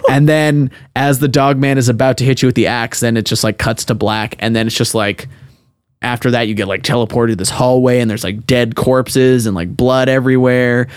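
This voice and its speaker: A man's voice: fairly even intonation, moderate pace, clean tone, dry recording, studio quality. Rambling young man in casual chat. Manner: rambling, many fillers, acts out game lines in a high voice. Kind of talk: casual chat about games.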